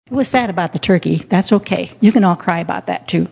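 A low, gravelly older woman talks gently to the listeners, her tone dark and mellow. A long reverb trails after her words, as if she is in a church hall. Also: quick pace. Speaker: the storyteller's sister, introducing the recording. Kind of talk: reflective commentary to an audience.

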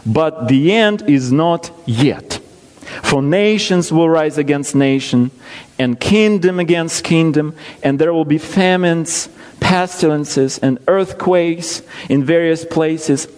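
A man preaching a sermon, reading scripture slowly and pressing rhetorical questions on his listeners. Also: a little high, darkish tone. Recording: long hall reverb.

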